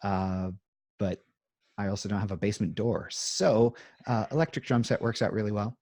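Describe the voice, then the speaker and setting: Man, 30s, interview guest, casual chat, rambling, self-deprecating, low voice, dry sound, video call. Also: normal speed, a little mellow, no echo. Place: home music room.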